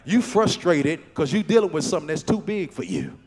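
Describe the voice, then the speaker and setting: A man preaching a sermon as pastor, repeating phrases and calling on the congregation to answer, building up to shouts. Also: on the high side, huge pitch swings, brisk, husky. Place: church sanctuary. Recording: church hall reverb with faint music.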